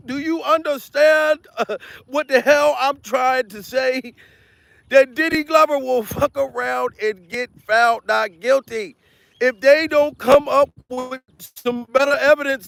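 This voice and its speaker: A man doing a loud, profane comedic commentary vlog, repeating himself and laughing between rants. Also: very high-pitched, unhurried, creaky, no echo. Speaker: comedian vlogger. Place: outdoors.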